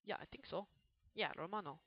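A chatty gamer talks through a game in loose, rambling commentary and jumps into high yelps when startled. The voice has a breathy, husky edge. It is recorded dry and dull on a home mic. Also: a little fast, no room sound. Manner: chatty, rambling asides to viewers. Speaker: let's play gamer. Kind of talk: casual gameplay commentary.

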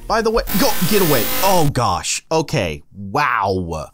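Excitable guy in his 30s doing a let's play, voice jumping all over, gasps and laughs a lot. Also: medium pitch, slow pace, music in the background. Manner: excitable, gasping and laughing at scares. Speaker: gaming video host. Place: home with his young son nearby.

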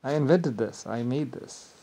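Man with an average-pitched voice, rambling grandly to camera, volume rising and falling. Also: a little slow, slight background noise, low-quality recording. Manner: meandering, repeats "like I said", swings between loud and quiet; grandiose, self-assured. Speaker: vlogger. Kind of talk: rambling solo monologue.

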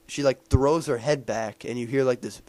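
A man's voice: medium pitch, steady tone, normal speed, darkish tone, no echo. Rambling casual man recapping a film. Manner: rambling, with many fillers and restarts. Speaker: movie reviewer. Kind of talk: casual spoken movie recap.

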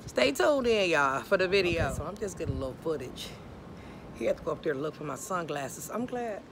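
A woman's voice: low voice, background noise. A woman, vlogging casually in a chatty, dramatic, self-mocking way, out of breath. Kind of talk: casual vlog talking to viewers. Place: outdoors by a pool.

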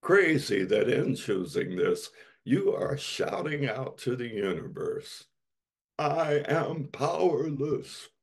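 Gravelly guy preaching slow, big ups and downs, leaning hard on repeats. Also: fairly low pitch, very animated. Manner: slow, emphatic preaching with dramatic repetition. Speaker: pastor. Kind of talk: sermon.

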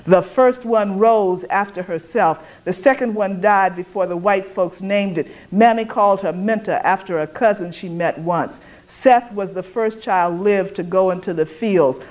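A woman's voice: medium pitch, unhurried, few pauses, a little mellow, close to an everyday voice. A woman reading as a fierce, defiant young enslaved woman. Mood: grieving.

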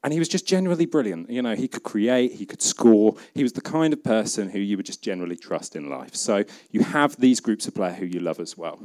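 A man's voice: on the low side, expressive, fairly quick, hardly any pauses, darkish tone. A man with a British accent giving a humorous conference talk, chatty and jokey, acting out bits of imagined dialogue. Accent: British English. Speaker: conference speaker. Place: conference event.

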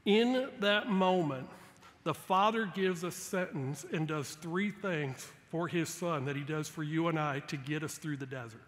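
A man preaching a sermon as guest pastor, emphatic and rising loud on his key points. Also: fairly high pitch, a little slow. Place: church sanctuary. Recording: long church hall reverb.

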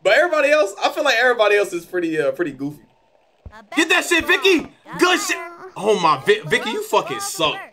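A man doing casual, excitable commentary over a baseball video game, swearing and trash-talking his own players. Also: high-pitched, fast talker. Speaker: gaming YouTuber.

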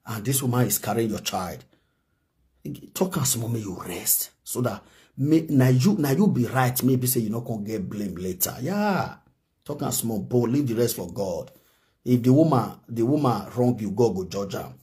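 A Nigerian man talks straight to camera for a gossip vlog, urging and pleading in a preachy way. His voice is mellow and dark, sitting at an ordinary male pitch. He circles back to the same points over and over. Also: expressive, normal speed. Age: adult, married. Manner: preachy, pleading, repeats himself. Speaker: gossip commentator. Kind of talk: pidgin commentary vlog.

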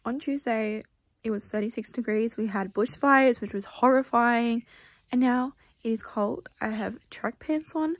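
Young woman, book vlogger, loose candid chat, slightly higher pitch. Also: unhurried. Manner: chatty, candid, peppered with "like" and "I don't know". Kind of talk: casual reading vlog chat.

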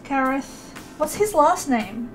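A young woman casually commentating her life-sim gameplay, excitable and chatty, voicing her characters in quick asides. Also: sits high, loud music behind the voice. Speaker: let's play host.

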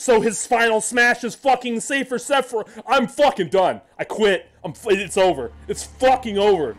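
A man doing live reaction commentary, excitable and loud, shouting and swearing with faint trailer music behind him. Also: high voice, moderate pace. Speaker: video creator reacting to a reveal.

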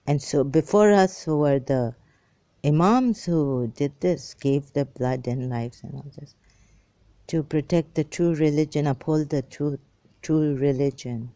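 A woman's voice: deep voice, unhurried, mellow, no room sound. A woman giving an informal, rambling religious talk, reading verses aloud and commenting on them with many fillers and restarts.

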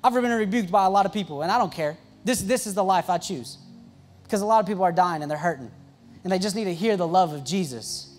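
A young man, a youth pastor, telling stories in an excitable, joking sermon full of quick asides and restarts. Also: sits high. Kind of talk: storytelling sermon.

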